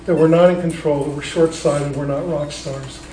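A man preaching a sermon as a pastor, telling stories in a relaxed, conversational way with frequent restarts. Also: a little high, moderate pace, echoey room, distant mic, poor audio. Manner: conversational storytelling with many restarts.

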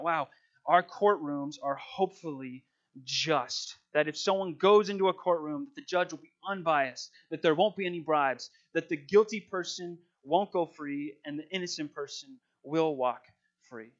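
A man's voice: a little high, unhurried, dull audio. A man preaching, reading scripture dramatically and then talking it through in a casual, conversational way.

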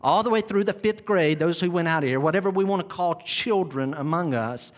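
A man preaching a sermon as pastor, animated, acting out scenes and dropping to quiet asides. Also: a little high, brisk. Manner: animated, acts out shouting disciples, drops to near-whisper asides.

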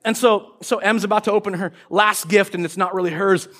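A man in his forties preaching a sermon in a church, telling family stories in an animated way and acting out excited children in loud bursts. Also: sits high, a little fast. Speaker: pastor.

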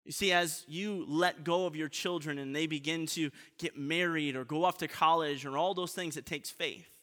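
A man preaching a sermon in an earnest way, often letting his voice drop soft at the ends of points. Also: a little high, steady tone, moderate pace. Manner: earnest, often trailing off softly. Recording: long reverb of a large hall.

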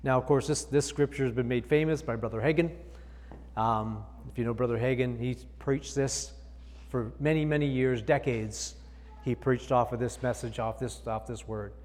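A man's voice: medium pitch, fairly even intonation, normal speed, a little mellow, long reverb tail. A male pastor preaching a sermon, reading scripture aloud and explaining it with emphatic repetition.

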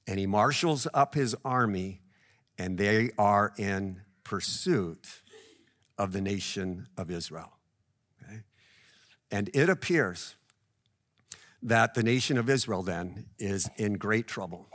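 A man's voice: lowish voice, expressive, slow pace, long pauses, a bit bright. A male pastor preaching a sermon in a conversational way, tying the scripture to everyday examples and often checking in with "right?".

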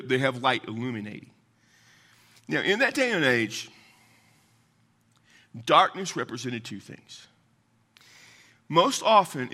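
A man's voice: medium pitch, sharp tone. A man preaching a sermon in a folksy, conversational way, mixing scripture with casual asides. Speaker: pastor.

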